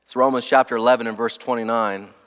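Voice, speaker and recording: A male pastor preaching a sermon in a church, earnest and emphatic, softening to a hushed tone in prayer. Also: medium pitch, fairly even intonation, quick pace, in a large hall.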